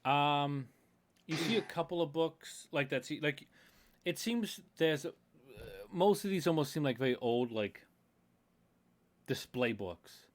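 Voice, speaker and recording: A man's voice: on the high side, expressive, a little slow, pauses often. A man running a tabletop horror game as game master, describing scenes in a rambling way full of fillers.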